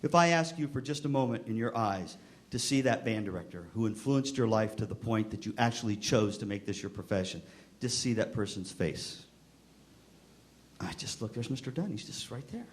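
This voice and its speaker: A man's voice: fairly low pitch, lively intonation, moderate pace. A middle-aged man giving a storytelling speech to band directors at a convention, acting out voices in his stories. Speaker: keynote speaker to band directors. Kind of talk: storytelling speech to a live audience. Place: convention hall.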